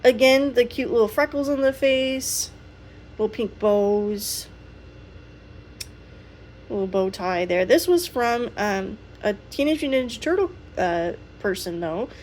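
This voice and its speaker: A woman's voice: fairly high pitch, animated, a little slow, darkish tone, a little hiss or hum. A woman chatting casually through her toy collection, rambling with frequent ums and little laughs. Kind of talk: casual show-and-tell chat.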